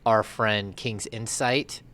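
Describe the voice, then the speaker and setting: A man's voice: lowish voice, fairly even intonation, takes it slowly, sharp tone, a little hiss or hum. Chatty male sports reporter. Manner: chatty, reasoning aloud with laughs. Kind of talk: casual sports chat.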